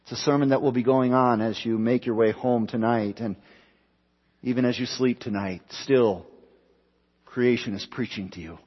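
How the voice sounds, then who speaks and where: A man's voice: mid-range voice, fairly even intonation, moderate pace, breathy edge, highs cut off. Man preaching in a reverberant church. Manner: preaching with repetition, swelling and dropping for emphasis. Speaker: pastor. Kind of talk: sermon.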